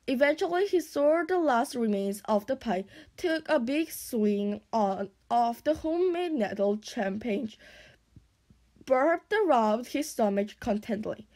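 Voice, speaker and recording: A woman reading a children's storybook aloud, unhurried, often stumbling on a word and starting it again. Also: on the high side, lively intonation, a little mellow. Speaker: audiobook reader.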